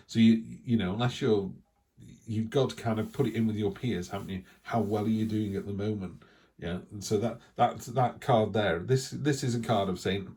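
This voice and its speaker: Chatty man with a lowish voice. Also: a little fast, mellow, breathy edge. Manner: rambling and chatty, with frequent restarts and asides. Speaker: tarot reader. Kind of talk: casual weekly tarot reading.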